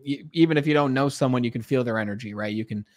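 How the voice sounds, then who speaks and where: A man's voice: mid-range voice, quick pace, darkish tone, no room sound. A man hosting a podcast interview, earnest and chatty, often stumbling and repeating words as he thinks aloud. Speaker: podcast host. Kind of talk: casual interview chat.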